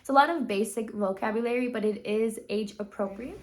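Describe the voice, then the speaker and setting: A woman's voice: on the high side, fairly quick, few pauses, a little hiss or hum. A young woman working as a speech therapy assistant, talking casually with lots of fillers and coaching children in an encouraging way. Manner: chatty, fillers like 'like' and 'you know'. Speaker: speech-language pathology assistant. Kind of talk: casual vlog chat.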